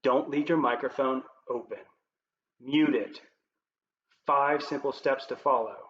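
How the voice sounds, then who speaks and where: A man presenting as a leadership coach, giving scripted tips to camera in a clear, upbeat presenter manner. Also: medium pitch, steady tone, a little slow, a bit bright. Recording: roomy, slightly dull with faint noise.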